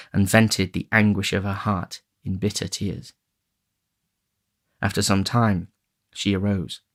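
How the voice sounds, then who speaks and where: A man reading a classic novel aloud as audiobook narrator, even and unhurried. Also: fairly low pitch. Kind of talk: scripted narration.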